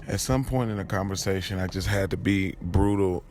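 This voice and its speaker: A man narrating a first-person audio drama in a conversational, halting way, with restarts. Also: low voice, a little mellow, slight background noise.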